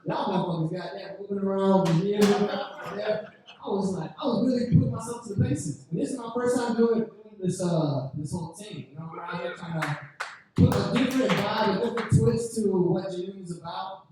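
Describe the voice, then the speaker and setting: High, loose-talking comedian in echoey lounge. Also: male voice, normal speed, noisy background. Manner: loose, profane, rambling storytelling. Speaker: stand-up comedian at open mic. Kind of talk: storytelling stand-up set. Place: lounge open mic night. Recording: very echoey room from far off.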